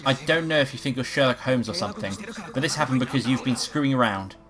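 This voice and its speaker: A man's voice: medium pitch, fast, natural voice. A woman voicing a hot-tempered, posh young man while reading game dialogue aloud, in a clipped, scolding manner. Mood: angry.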